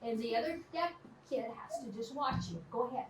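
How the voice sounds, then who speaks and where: High-voiced woman teacher in a roomy classroom. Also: fairly quick. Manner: animated, directive, laughs often. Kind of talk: classroom activity instruction to children. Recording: roomy, distant, noisy classroom.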